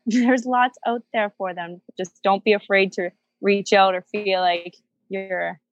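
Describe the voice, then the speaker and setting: A woman's voice: medium pitch, fairly even intonation, slow pace, no echo, highs cut off. Rambling woman guest, dry close voice. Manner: rambling, hesitant, lots of "like". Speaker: guest nutrition coach. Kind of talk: casual interview chat.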